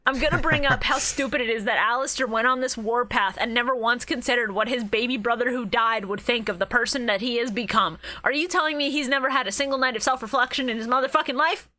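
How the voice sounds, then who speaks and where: A woman's voice: on the high side, fast talker, few pauses, pushed and bright. A young woman co-hosting a podcast in casual, profane chat, joking and laughing often. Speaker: podcast co-host.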